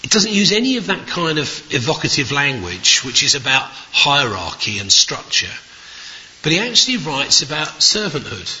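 A middle-aged man preaching a sermon with a very bright, ringing voice and a pitch that swings up and down. He draws out key words slowly for weight. The recording sounds dull and lo-fi. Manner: expressive, drawn-out emphasis on key words.

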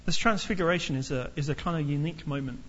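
Guy preaching, tells the story lively and acts out the characters, muffled audio w/ faint hum. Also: a little high, quick pace. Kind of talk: sermon.

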